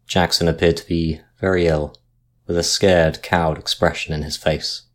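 Deep-voiced man narrating a tale. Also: level tone, moderate pace. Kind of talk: storytelling narration.

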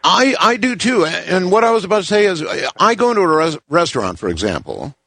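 A man hosting a talk show, chatting casually with halting, drawn-out phrasing and many pauses. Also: high-pitched, sing-song, vocal fry, pushed and bright, no room sound. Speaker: radio talk show host. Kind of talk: casual interview chat.

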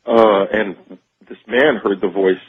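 A man telling a radio host about a personal experience, halting and searching for words. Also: on the low side, steady tone, slightly rough. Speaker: radio show guest. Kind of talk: phone-in interview, personal account. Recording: tinny phone line on radio.

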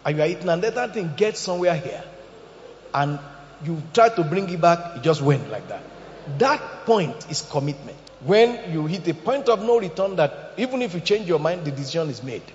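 High-voiced animated male preacher. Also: moderate pace, a little hiss or hum. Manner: animated storytelling, asks the congregation questions. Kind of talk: sermon. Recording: echoey hall, dull sound.

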